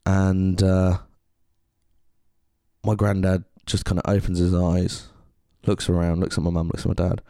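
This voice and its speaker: Earnest deep-voiced man. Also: monotone, measured pace, long pauses, dark tone, no echo, clean studio sound. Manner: earnest and heartfelt. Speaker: podcast co-host. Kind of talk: casual podcast chat.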